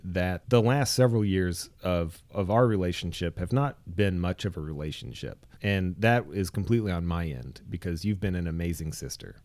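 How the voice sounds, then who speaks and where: A young man telling stories in casual chat, animated and swearing freely, his voice jumping high when he quotes himself. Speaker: podcast co-host.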